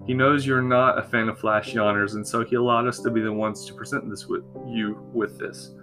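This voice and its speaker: A man's voice: mid-range voice, flat delivery, fairly quick, over music, natural voice. A man voicing a weary young prince who sighs and complains, reading him in his own voice. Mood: formal. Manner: sighing, complaining.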